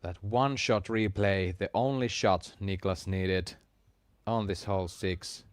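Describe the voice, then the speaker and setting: A man doing live play-by-play commentary for a sports broadcast, calm and measured with sudden excited rises. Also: deep voice, no echo.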